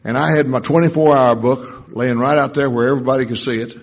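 A man's voice: mid-range voice, steady tone, fast talker. A man telling wry, folksy stories to a live audience about his recovery. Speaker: speaker sharing recovery stories.

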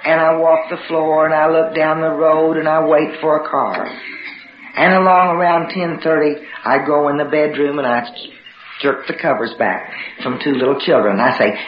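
A woman's voice: low-pitched, fairly even intonation, normal speed. A woman telling a personal story to a live audience, dramatically acting out the voices of her family. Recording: roomy, dull recording with background noise.

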